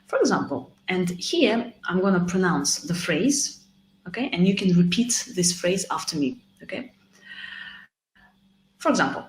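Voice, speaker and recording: A woman teaching an online exam-prep lesson, modelling sample answers with lively, exaggerated intonation. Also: lowish voice, roomy sound, rough recording. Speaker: IELTS teacher.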